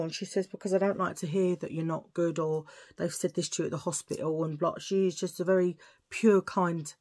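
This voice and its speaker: Chatty woman, low voice. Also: a bit bright. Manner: chatty, rambling, often murmuring to herself. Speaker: vlogger. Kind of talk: casual chat to camera.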